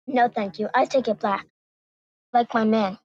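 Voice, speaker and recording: An actress speaking polite, arch dialogue in an old film clip, with a breathy quality. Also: female voice, fairly high pitch, steady tone, unhurried, darkish tone, no room sound, muffled recording.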